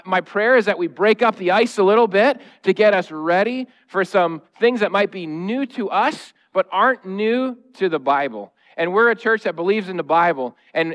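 A man's voice: high voice, fairly bright tone. A man in his thirties, a pastor, preaching a conversational, humorous sermon in a church. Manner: humorous, conversational, acting out noises and quotes. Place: church sanctuary.

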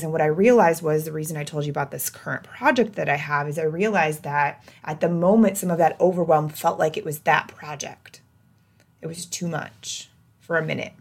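A woman hosting her own podcast, talking candidly in a casual self-help monologue that swings between lively and hushed. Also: sits low, gravelly. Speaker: podcast host.

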